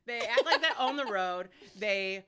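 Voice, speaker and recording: In an unhurried, smooth, medium-pitched voice, a radio host in her forties chats casually as a guest. She's a lively storyteller whose frank, profane anecdotes come with frequent laughter.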